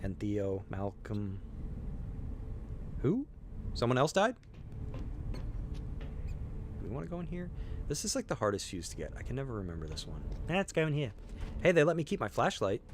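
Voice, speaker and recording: A man's voice: lowish voice, big pitch swings, moderate pace, pauses often, a little hiss or hum. A middle-aged man giving chatty, rambling commentary while streaming a game, joking at his own mistakes and cheering his character on. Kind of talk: casual gameplay commentary.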